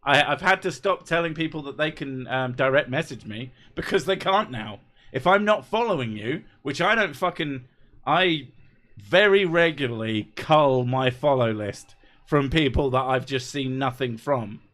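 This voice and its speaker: A man's voice: medium pitch, expressive, normal speed, a bit bright. A man with a mid-range voice chats casually to his live-stream viewers. His delivery is laid-back and sweary, and he laughs easily as he reads out messages. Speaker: YouTuber reading live chat.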